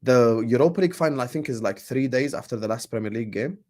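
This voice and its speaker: A man's voice: medium pitch, fast, a little mellow. A man hosting a casual football chat, teasing his co-host, laughing often and swearing casually. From Jordan. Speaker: podcast host.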